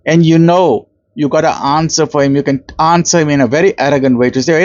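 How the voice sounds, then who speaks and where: Brief: South African male lecturer, fairly high voice, conversational religious talk, dry and dull recording. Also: quick pace, few pauses, no echo. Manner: conversational, acts out quoted voices, uses Arabic terms. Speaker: Islamic lecturer.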